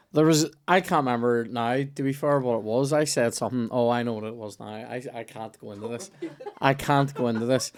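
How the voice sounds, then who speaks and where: A man's voice: mid-range voice, a little mellow, dry recording. A man hosting a podcast, chatting casually and joking with many restarts. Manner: chatty, jokey, trailing restarts. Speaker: podcast host. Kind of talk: casual chat.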